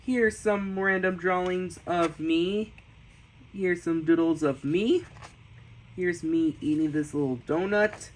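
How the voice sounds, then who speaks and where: Man, slow delivery, eager sketchbook tour, repeats himself, bursts of excited squeals. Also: sits high, rough recording. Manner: enthusiastic, repeats words and restarts, sudden excited squeals. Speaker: artist showing his sketchbooks. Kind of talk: casual sketchbook tour narration.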